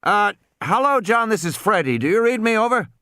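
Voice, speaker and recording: A man voicing a drawling, gruff boat captain talking over a ship radio. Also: high voice, big pitch swings, fairly quick, sharp tone, no echo, clean studio sound, voice pushed up, full character voice.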